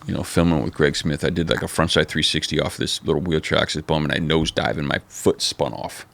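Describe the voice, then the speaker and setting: A middle-aged man telling stories in a casual interview, animated and profane, full of "dude" and "man.". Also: very deep voice, quick pace, vocal fry. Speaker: interview guest, former skateboard company manager.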